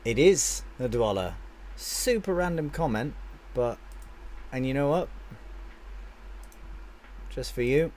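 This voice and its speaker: A man's voice: medium pitch, lively intonation, slow pace, long pauses, a little mellow, a little hiss or hum. A man live-streaming a game, chatting casually with his viewers and answering their comments aloud, often restarting his sentences.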